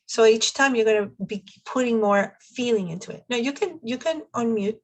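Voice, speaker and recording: A woman's voice: fairly high pitch, moderate pace, rough recording. A woman life coach leading a class over a video call, giving steps and checking that everyone follows. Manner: coaching, encouraging, checks understanding. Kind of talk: online class instruction.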